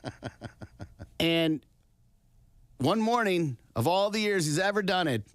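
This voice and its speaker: A man's voice: sits high, lively intonation, takes it slowly, dry recording. Wry man telling a story, dry sound. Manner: storytelling, conversational, wry asides. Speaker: podcast co-host. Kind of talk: casual chat.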